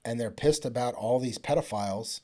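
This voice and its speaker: A man who is a retired police detective, speaking as a podcast guest in an earnest, casual way, his voice dropping quietly at the ends of phrases. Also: medium pitch, moderate pace. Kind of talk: casual conversational interview.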